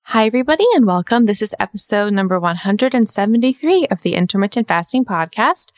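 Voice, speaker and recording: Woman podcast host, mid pitch, chatty and upbeat, casual co-host banter. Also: animated, fast talker, dry recording, clean studio sound. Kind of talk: casual podcast chat and read ad.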